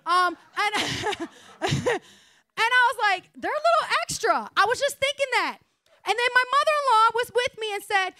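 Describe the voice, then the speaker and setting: A young woman pastor preaching a conversational, humorous sermon in a blunt, animated way. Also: extremely high pitch, moderate pace, dry recording. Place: church sanctuary.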